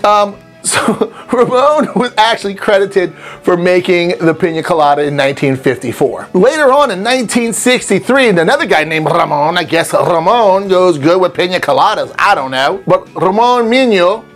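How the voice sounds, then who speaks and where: A man with a high, somewhat bright voice and lively intonation hosts a cocktail recipe video at a moderate pace, with faint music behind him. Talking casually to camera, he's chatty and playful, wandering into rambling asides and silly mock voices.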